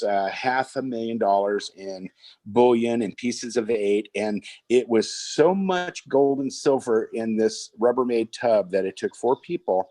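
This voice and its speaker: A man's voice: mid-range voice, a little mellow, dry recording, poor audio. An older man, a guest auctioneer, telling long casual stories full of fillers and restarts. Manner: rambling anecdotes with many fillers and restarts. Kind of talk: casual storytelling chat.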